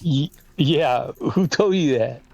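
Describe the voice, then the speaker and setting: A man's voice: a little high, takes it slowly, vocal fry, a little mellow, lo-fi sound. A middle-aged man co-hosting a podcast with his son, talking bluntly, profanely and in a rambling way. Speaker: podcast co-host. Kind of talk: casual chat.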